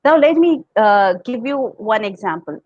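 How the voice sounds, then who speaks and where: A woman's voice: on the high side, expressive, moderate pace, muffled recording. A woman with an Indian accent on a podcast, explaining public speaking tips and acting out sample tones. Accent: Indian English. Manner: explanatory, demonstrates tones, laughs often.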